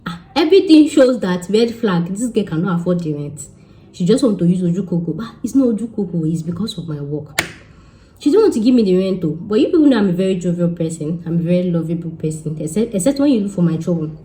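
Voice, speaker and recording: A young Nigerian woman with a Nigerian accent, telling a story to her viewers in a lively, joking way and mixing Pidgin and Yoruba into her English. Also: on the low side, fast talker. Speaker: vlogger. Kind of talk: casual storytelling.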